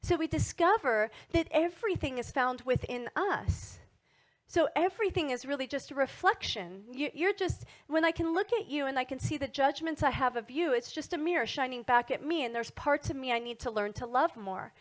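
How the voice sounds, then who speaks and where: Woman, middle-aged, motivational talk, animated, fairly high voice, keeps asking the audience questions. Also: moderate pace. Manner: animated, asks the audience many tag questions. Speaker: wellness speaker.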